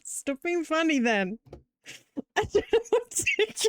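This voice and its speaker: Giggly high-voiced woman streamer. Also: big pitch swings, takes it slowly, fairly bright tone. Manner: giggly, breaks into long laughing fits. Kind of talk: casual chat while building Lego on stream.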